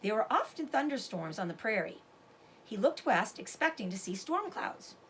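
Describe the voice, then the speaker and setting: A woman teacher reading a chapter book aloud to her students, expressive and stopping to explain words. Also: medium pitch, moderate pace, slight background noise.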